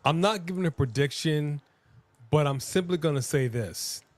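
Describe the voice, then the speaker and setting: A man's voice: a little high, moderate pace, no echo. A man co-hosting a live watch-along stream, talking casually and rambling with frequent restarts.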